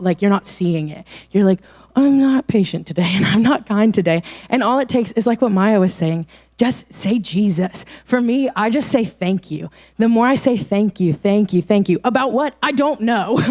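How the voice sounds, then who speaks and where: A woman's voice: on the high side, darkish tone. A young adult woman giving a casual, chatty youth sermon, informal and laughing often. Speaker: youth ministry speaker.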